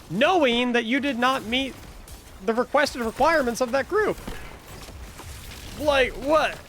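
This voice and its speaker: A man's voice: very high voice, a little slow, long pauses, fairly bright tone, slight background noise. A young man streaming, ranting in a casual, exasperated way, often restarting and repeating words. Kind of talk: casual livestream rant.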